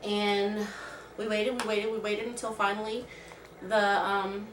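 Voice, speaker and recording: A woman's voice: mid-range voice, little pitch movement, a little slow, noisy background. A woman vlogger telling a personal story in casual, rambling talk full of "like". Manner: rambling, heavy use of "like". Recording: roomy sound from a distant mic.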